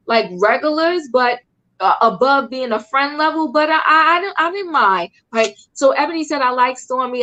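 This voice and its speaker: A woman's voice: high-pitched, sharp tone, dull audio. A woman hosting a casual recap chat, chatty and emphatic, often repeating herself. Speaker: host.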